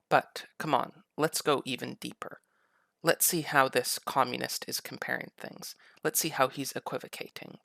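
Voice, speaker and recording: A man's voice: medium pitch, steady tone, normal speed, creaky, sharp tone, no echo, studio quality. A man giving sarcastic, mocking political commentary over video clips. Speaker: commentary YouTuber.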